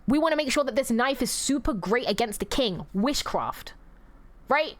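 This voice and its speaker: A woman's voice: fairly high pitch, animated, moderate pace. A woman streaming a video game, reading its dialogue aloud and swearing at the screen. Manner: profane, loud outbursts at the screen. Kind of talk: casual game stream commentary.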